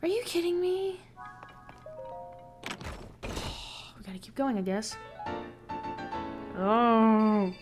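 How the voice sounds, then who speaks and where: A woman gaming streamer giving excitable let's play commentary with playful trash talk. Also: on the high side, drawn-out words, pauses often, music in the background.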